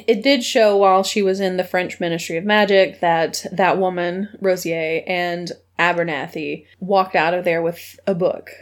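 A woman in casual chat, recapping a film with quick asides. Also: fairly low pitch, fairly even intonation. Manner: chatty, quick asides, puts on voices for quotes.

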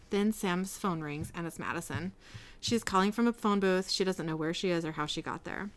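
A woman's voice: on the low side, normal speed. A woman co-hosting a podcast, chatting casually and retelling an episode scene by scene, quoting the dialogue plainly. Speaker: podcast co-host. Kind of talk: casual chat and episode recap.

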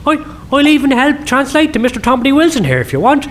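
A man's voice: very high-pitched, big pitch swings, brisk, slight background noise. A man playing a sly, swearing detective, teasing in a comedy sketch. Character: cheeky, foul-mouthed detective, sly mischief-maker.

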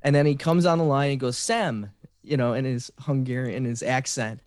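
A man's voice: medium pitch, brisk, dry recording, studio quality. A man in his forties on a podcast, eagerly telling a story in casual chat, with frequent restarts. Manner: excited storyteller, many restarts. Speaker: podcast guest, fan site creator.

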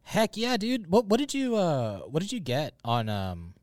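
Male podcast host, upbeat and animated, higher voice. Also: measured pace, no echo, clean studio sound. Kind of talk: casual podcast chat.

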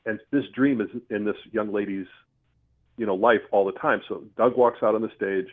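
A man telling a personal story in a casual, earthy, animated way, with mild swearing. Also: on the low side, normal speed. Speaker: storyteller guest. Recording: tinny phone-line sound.

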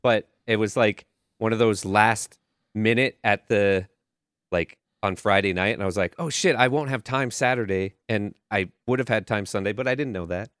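A man from Canada rambles excitedly through casual podcast chat, swearing freely. His voice sits low and the close mic sounds dry with no room around it. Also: moderate pace, clear, resonant tone, dry recording. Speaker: podcast co-host.

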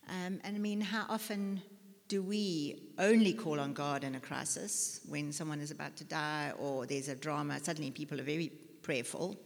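A woman's voice: fairly low pitch, a little fast. Chatty woman preaching in a reverberant hall. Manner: chatty, self-mocking, many fillers and restarts. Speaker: lay preacher. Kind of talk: conversational sermon with personal stories.

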